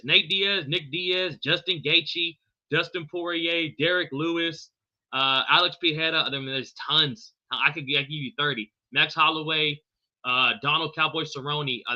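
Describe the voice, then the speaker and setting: A man hosting a live stream with a sharp, piercing brightness in his voice, pitched a little high for a man. He talks loose and profane, calling everyone bro and brother and stumbling over names. The audio comes through dull and lo-fi. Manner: fumbles unfamiliar names. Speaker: podcast host. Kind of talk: live podcast chat with viewers.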